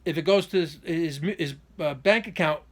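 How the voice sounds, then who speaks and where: Here a man with a voice on the high side speaks at a moderate pace. It's an unscripted vlog update aimed straight at the camera, full of false starts and rambling. An indignant, wronged tone runs through it, and he picks up speed in bursts on key points.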